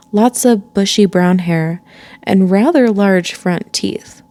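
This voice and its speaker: Woman storyteller, dark and mellow, slow read-aloud pace. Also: mid-range voice, dry recording. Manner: calm, unhurried reading with asides. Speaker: children's book reader.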